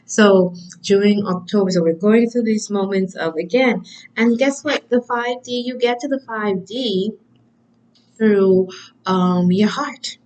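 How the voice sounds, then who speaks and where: A woman's voice: mid-range voice, unhurried, darkish tone, low-quality recording. A woman giving a spiritual talk in an earnest, conversational way, often searching for words. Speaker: spiritual reader.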